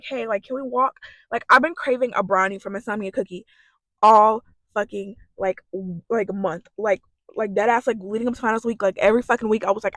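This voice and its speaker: A woman's voice: medium pitch, fairly bright tone, no echo. A young woman telling a storytime vlog in a chatty, profane way, full of fillers. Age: young adult. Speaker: vlogger.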